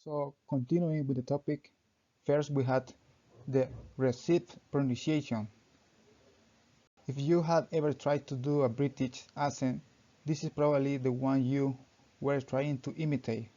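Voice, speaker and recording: Young male student reading his presentation, mellow voice, careful and halting, muffled lo-fi sound. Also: medium pitch, steady tone. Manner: halting reading, often restarting sentences with "so". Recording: dull lo-fi recording.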